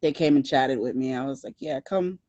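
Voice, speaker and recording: A woman's voice: very deep voice, fast talker, no room sound. Rambling woman guest, dry close sound. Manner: rambling, with many fillers and restarts; animated when quoting herself. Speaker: podcast guest. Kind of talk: casual interview talk.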